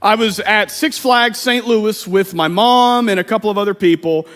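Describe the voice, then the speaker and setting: Thirties male pastor from Missouri, bright high register, humorous sermon storyteller, recorded in a big echoing sanctuary. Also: moderate pace. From Missouri, USA. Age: 30s. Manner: lively, humorous storytelling with playful asides. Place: church sanctuary. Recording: long reverb of a church hall.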